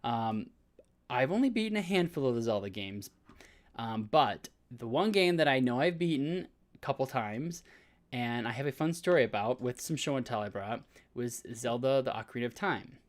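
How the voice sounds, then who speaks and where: A man's voice: medium pitch, lively intonation, moderate pace. A man in his thirties, a podcast co-host, telling a long story in casual chat with many filler words and restarts. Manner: rambling storytelling with frequent "like" fillers.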